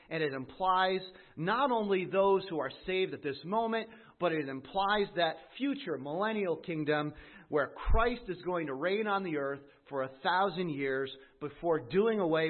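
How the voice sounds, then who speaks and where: Tinny-sounding preaching man. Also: a little high. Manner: rising emphatic preaching with slow stressed phrases. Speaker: pastor. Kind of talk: sermon.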